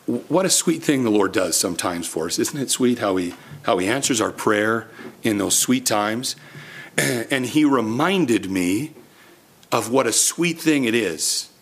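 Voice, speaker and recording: A man's voice: on the low side, husky. A young man preaching a sermon, telling a personal story earnestly with frequent restarts.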